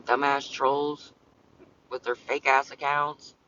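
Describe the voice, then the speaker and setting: A man chats on a casual livestream from inside his parked car, rambling and cursing as he answers commenters. His voice is bright and forceful, at a middle pitch. The phone audio is dull and lo-fi. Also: little pitch movement, slow pace, a little hiss or hum. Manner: rambling, swears often, talks back to commenters. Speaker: streamer.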